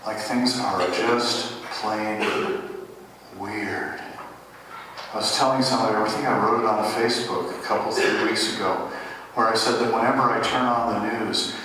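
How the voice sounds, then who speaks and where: A man's voice: fairly low pitch, steady tone, normal speed, pushed and bright, slight background noise. A man preaching a sermon as the pastor, conversational and wry with humorous asides, in a church sanctuary. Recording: echoey church hall from far off.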